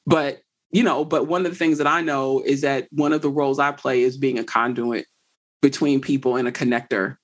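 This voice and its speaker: A woman, a podcast guest chatting in an animated way and often laughing as she tells stories. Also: very deep voice, brisk. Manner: animated, laughs while telling stories, Southern slang. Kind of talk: casual conversation.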